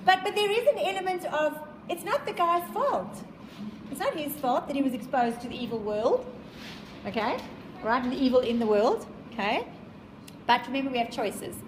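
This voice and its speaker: South African woman teacher, high voice, emphatic and repetitive, lecturing a class. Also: expressive, moderate pace, reverberant, background noise. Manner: emphatic, repeats points, quizzes the class.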